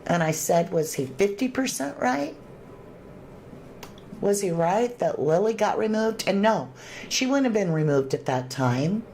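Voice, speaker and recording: Her mid-range voice is a little mellow and a little slow, yet lively in intonation, with slight background noise. She hosts a true crime livestream, chatting casually, reading viewer comments out loud, and thanking people with endearments.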